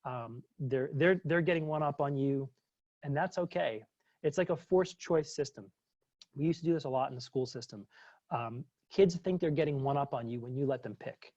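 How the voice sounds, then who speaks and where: A man's voice: mid-range voice, normal speed, a little mellow, no room sound. Chatty man on a dull webinar line. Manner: chatty, full of fillers and restarts. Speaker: webinar presenter, former psychologist. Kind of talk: casual webinar talk answering questions.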